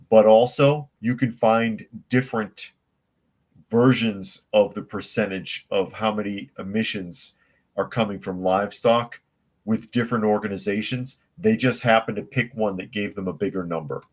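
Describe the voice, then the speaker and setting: Low-voiced opinionated man hosting a live podcast. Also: moderate pace. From United States. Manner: opinionated, scoffing, reads articles aloud then comments. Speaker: podcast host reading news and chat comments. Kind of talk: casual live news commentary.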